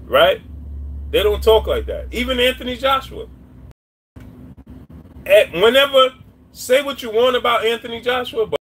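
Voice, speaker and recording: A man doing boxing commentary on a live stream, talking casually and repeating his points while shouting out viewers' names. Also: very high-pitched, animated, normal speed, pauses often, slightly rough. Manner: repetitive, shouts out chat names.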